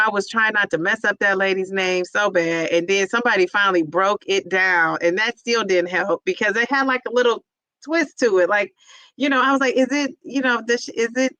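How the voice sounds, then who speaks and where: Bright, chatty woman hosting a livestream. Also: medium pitch, dry recording, low-quality recording. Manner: chatty, laughs often, drawn-out sing-song repeats of names. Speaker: livestream host and teacher. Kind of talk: casual livestream chat reading viewer comments.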